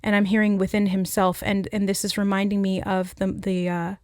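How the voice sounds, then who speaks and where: A woman's voice: medium pitch, level tone, a little mellow, dry recording. Woman, tarot reader; reflective, earnest, mid-range voice, dry close recording. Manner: earnest and reflective, pausing to relay messages she hears. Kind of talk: channeled spiritual reading.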